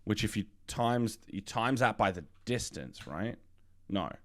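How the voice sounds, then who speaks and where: A man's voice: fairly low pitch, expressive, unhurried. Joking male game streamer. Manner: joking, swears casually. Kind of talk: game playthrough with voiced dialogue.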